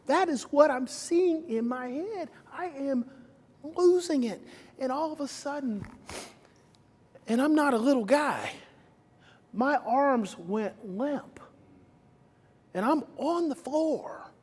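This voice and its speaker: A man speaking at a live seminar, telling a story dramatically, with his voice swinging from loud outbursts to hushed whispers. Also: very high-pitched, animated, unhurried. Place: seminar hall. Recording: long reverb of a large hall.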